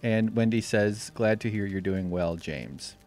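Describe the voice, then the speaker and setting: A man from the United States hosting a live stream, talking in a rambling, sarcastic way with deadpan jokes. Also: on the low side, unhurried, faint music behind. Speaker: livestream host. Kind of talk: casual live-stream chat.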